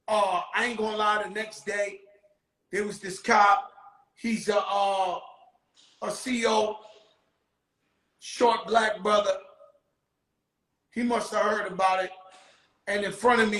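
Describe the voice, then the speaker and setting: A man telling a profane anecdote in an animated way, with bursts of shouting. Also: sits high, slow pace, long pauses, reverberant, poor audio. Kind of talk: storytelling anecdote.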